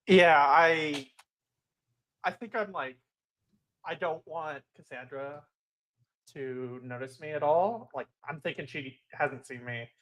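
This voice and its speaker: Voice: medium pitch, takes it slowly, pauses often, fairly bright tone. Hesitant tabletop player asking questions. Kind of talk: in-character tabletop role-play.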